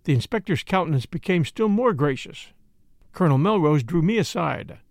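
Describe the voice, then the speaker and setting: A man reading a classic mystery novel aloud in measured, scripted narration. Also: a little high, lively intonation, dry recording, studio quality. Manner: measured storytelling. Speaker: audiobook narrator.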